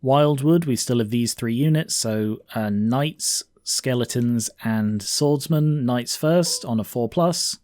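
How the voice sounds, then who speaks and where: A man's voice: mid-range voice, takes it slowly, hardly any pauses, darkish tone, no echo. A man casually narrating his own tabletop wargame, thinking aloud with frequent fillers.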